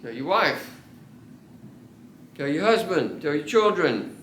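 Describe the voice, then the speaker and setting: Earnest male pastor mid-sermon, drawn-out emphasis; reverberant church sound. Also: on the high side, expressive, a bit bright, a little hiss or hum. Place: church sanctuary. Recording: echoey church room.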